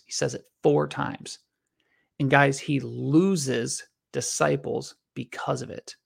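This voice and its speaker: Gravelly-voiced man teaching scripture. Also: medium pitch, steady tone. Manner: earnest, reads scripture aloud slowly, shifts pace often. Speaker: Bible teacher. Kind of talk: teaching a Bible study.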